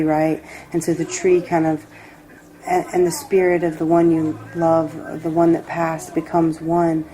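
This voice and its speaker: A woman giving a personal tarot reading, reflective and emotional, rambling with pauses. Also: deep voice, monotone, mellow, poor audio. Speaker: tarot reader.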